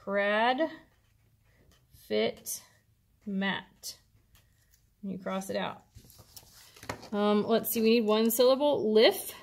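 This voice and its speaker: A woman's voice: mid-range voice, fairly even intonation, slow, gravelly, pauses often. A woman teacher, patiently explaining a worksheet step by step to her students. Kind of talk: classroom instruction video.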